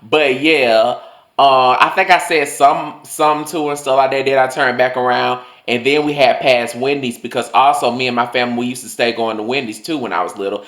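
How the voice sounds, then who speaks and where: A man's voice: fairly quick, hardly any pauses. Chatty young man telling a story in a roomy room. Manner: animated, swings into loud high mocking outbursts; loose and profane, many fillers. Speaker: vlogger. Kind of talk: storytime vlog. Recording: roomy echo.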